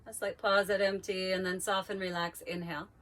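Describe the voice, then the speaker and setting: A woman yoga teacher calmly leading a guided breathing practice with slow, drawn-out cues. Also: medium pitch.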